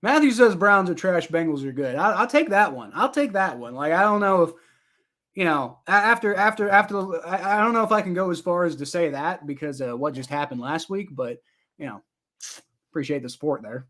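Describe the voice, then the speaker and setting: A man's voice: sits high, lively intonation, brisk, fairly bright tone. Chatty man doing live game reaction. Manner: rambling, chatty, talks back to viewer comments. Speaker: live-stream sports reaction host. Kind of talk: casual live play-by-play and chat reaction.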